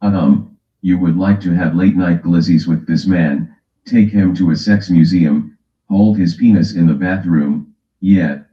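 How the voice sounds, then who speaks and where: Brash stream host, a man with a low, slow voice, on roomy, dull audio. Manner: brash, teasing, calls out chatters. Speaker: livestream host. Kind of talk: casual stream chat.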